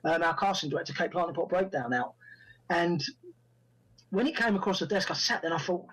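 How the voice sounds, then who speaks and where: Husky man telling a story. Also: on the high side, quick pace, a bit bright, poor audio. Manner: anecdotal, acts out quoted dialogue. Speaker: guest, actor and first-time film director. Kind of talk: casual storytelling in an interview.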